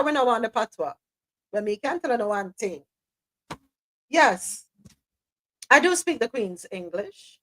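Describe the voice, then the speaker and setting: Animated high-voiced Jamaican woman host. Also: measured pace, pauses often, rough recording. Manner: animated, emphatic, slips into patois. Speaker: live show host. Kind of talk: casual talk-show commentary.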